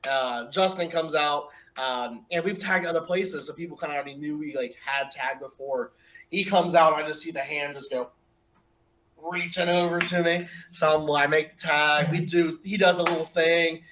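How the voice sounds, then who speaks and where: A man's voice: a little high, moderate pace. Laughing man telling a wrestling story. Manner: animated anecdote with laughs and acted-out quotes. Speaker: guest wrestler. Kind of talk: casual storytelling.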